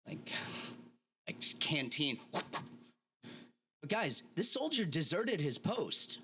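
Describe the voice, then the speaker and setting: A man's voice: fairly high pitch, very animated, very slow, bright, forceful tone, a little hiss or hum. A man hosting a motivational podcast, telling stories casually and animatedly with plenty of slang. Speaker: podcast host. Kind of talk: motivational monologue.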